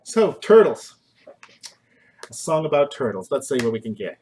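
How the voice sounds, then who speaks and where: A man's voice: mid-range voice, very animated, moderate pace, darkish tone, slightly rough. A man hosting a casual live stream from his kitchen, goofy and rambling, mocking himself and making up silly songs. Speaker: host. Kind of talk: casual live-stream chat with joke singing. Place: home kitchen.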